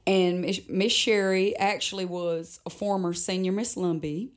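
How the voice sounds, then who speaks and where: Low-voiced woman telling a personal story. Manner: reflective, laughs often between sentences. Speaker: guest performer, musician.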